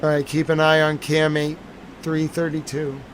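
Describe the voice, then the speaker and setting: A man's voice: fairly high pitch, completely flat delivery, normal speed, slight background noise, low-quality recording. A tired man hosting a live stream, chatting casually and rambling to his viewers.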